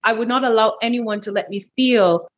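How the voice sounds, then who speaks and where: A middle-aged woman guest in an interview, telling a personal story in a lively, animated way, repeating words as she goes. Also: fairly quick, dull audio. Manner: animated, breaks into high quoted voices, repeats words. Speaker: interview guest, wellness clinic owner.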